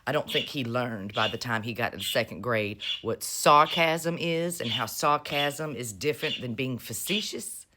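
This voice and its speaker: A woman's voice: a bass voice, normal speed, few pauses, pushed and bright, slight background noise. A woman giving casual, sarcastic political commentary in a mocking, drawling manner. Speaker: vlogger.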